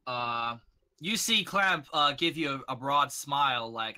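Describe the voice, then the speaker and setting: Bright-voiced male game master. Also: mid-range voice, expressive, measured pace. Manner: loose narration with many fillers. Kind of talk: narrating a tabletop game.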